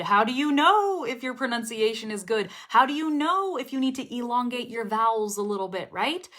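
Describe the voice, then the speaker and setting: A woman's voice: fairly high pitch, fairly bright tone. Chatty woman teaching English pronunciation. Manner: chatty, encouraging, often checks in with "okay?" and "right?". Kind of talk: casual spoken lesson to camera.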